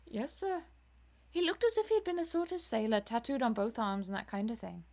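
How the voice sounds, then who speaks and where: Woman doing a deferential male gamekeeper, rough rustic voice, not posh. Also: fairly high pitch, animated, a little fast, a little mellow. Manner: vague rough rural accent attempt, not posh. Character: gruff male gamekeeper, working-class, deferential.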